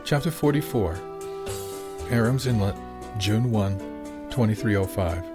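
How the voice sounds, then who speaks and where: A man narrating an audiobook chapter in an even, measured storytelling manner. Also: on the low side, over music. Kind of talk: scripted narration.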